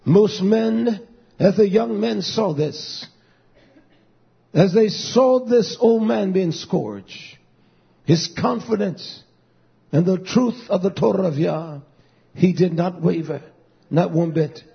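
Male preacher, fervent sermon, high gravelly voice, husky edge, slow delivery. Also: highs cut off. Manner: impassioned, rising to shouts; slow, drawn-out emphasis.

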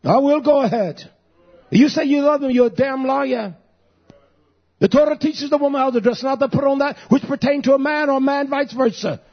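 A man in his fifties preaching a fiery sermon, dropping to low growls and rising to shouts. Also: moderate pace, lo-fi sound. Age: 50s.

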